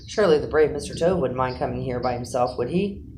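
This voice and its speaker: A man's voice: medium pitch, quick pace, darkish tone, a little hiss or hum, natural voice. A man reading aloud, voicing a small, timid mole who sounds frightened and worn out. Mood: plaintive. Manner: plaintive and frightened. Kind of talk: storybook reading.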